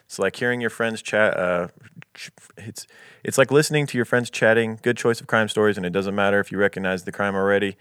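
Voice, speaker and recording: An easygoing man with a low voice co-hosts a podcast and reads listener reviews aloud between casual asides. The recording is dry and close-miked. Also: fairly quick, a bit bright, clear, resonant tone, dry recording. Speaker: podcast co-host.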